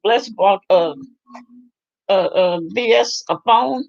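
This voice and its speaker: A woman hosts a casual chat, laughing a lot and gossiping as she reacts to a livestream she's listening to. Her medium-pitched voice is slow, gravelly and a little mellow, and the audio is dull.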